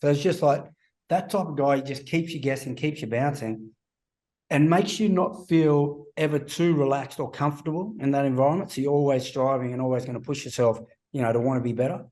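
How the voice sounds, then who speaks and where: A man's voice: medium pitch, brisk, a little mellow. A man in his forties, a former rugby player guesting on a casual podcast interview, telling anecdotes and acting out the voices of people he quotes. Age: 40s.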